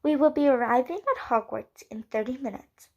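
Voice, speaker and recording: A formal male train announcer making a plain, bright announcement, as a woman reads him out. He speaks a little higher than the narrator's usual voice. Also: normal speed, highs cut off. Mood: announcing.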